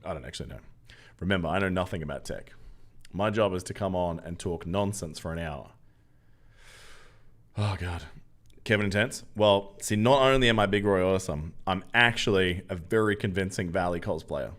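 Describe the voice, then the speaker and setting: A young man with an Australian accent, talking casually on a game stream with a fairly low voice. He banters with chat in a loose, jokey way and answers the comments as he goes. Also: normal speed, fairly bright tone.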